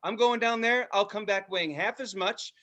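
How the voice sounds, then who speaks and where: A man's voice: sits high, moderate pace, bright, forceful tone. A man co-hosting a podcast, chatting casually and ranting with profanity, now and then slipping into mock voices. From US East Coast. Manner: rants with profanity, slips into mock Southern voices. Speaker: podcast co-host. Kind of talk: casual comedic chat.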